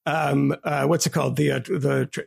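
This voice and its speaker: A man co-hosting a podcast, talking casually in an animated, storytelling way with frequent laughs and restarts. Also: mid-range voice, moderate pace, gravelly, husky. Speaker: podcast co-host.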